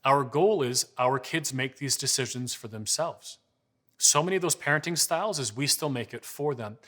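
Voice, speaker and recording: A man's voice: mid-range voice, moderate pace, fairly bright tone. A man in his forties giving a parenting talk with slides, telling conversational stories and acting out dialogue. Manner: storytelling, conversational, acts out dialogue. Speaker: parenting speaker. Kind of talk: presentation with slides.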